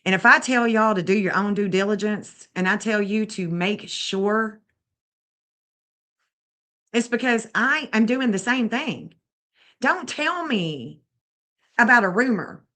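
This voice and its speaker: A woman's voice: medium pitch, a little slow, a bit bright. Blunt woman in her fifties. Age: 50s. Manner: blunt, indignant, scolding. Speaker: true crime streamer. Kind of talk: casual livestream commentary.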